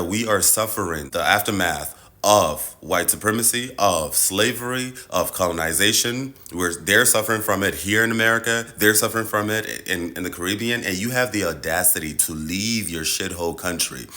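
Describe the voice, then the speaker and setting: A man's voice: low-pitched, bright, forceful tone. A man delivering an impassioned, profane rant straight to his audience. He hammers the same points over and over with heavy emphasis. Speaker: social media commentator. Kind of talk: impassioned direct-to-camera rant.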